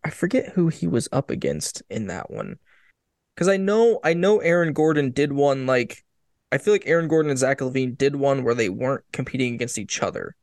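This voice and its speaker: A man's voice: medium pitch, very animated, brisk, gravelly, darkish tone, dry recording, studio quality. A man chatting casually about sports, rambling and restarting his sentences with emphatic bursts.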